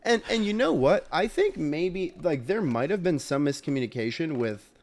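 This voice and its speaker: A young man co-hosting a casual podcast chat, telling a story with animated, loud bursts. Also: fairly high pitch, normal speed. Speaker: podcast co-host.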